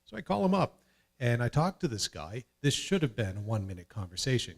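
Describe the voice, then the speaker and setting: A man's voice: mid-range voice, a little fast, gravelly. A man from Canada telling a self-mocking anecdote on a conference panel, acting out the voices of people he quotes. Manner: lively, self-mocking, acts out quoted dialogue. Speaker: panelist, film producer.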